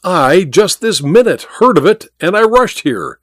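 A man doing an excitable dandy gentleman. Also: sits high, unhurried, no echo, studio quality, voice pushed up, full character voice. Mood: excited. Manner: excited exclamations.

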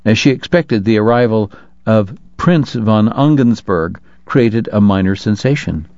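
A man reading an audiobook in a measured, even way. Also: on the low side, dry recording. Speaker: narrator. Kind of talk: audiobook narration. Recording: dull lo-fi dry recording.

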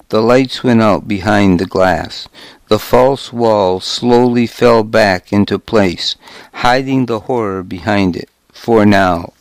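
A man narrating a first-person story in a measured, wry audiobook reading on a close microphone. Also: lowish voice, no echo.

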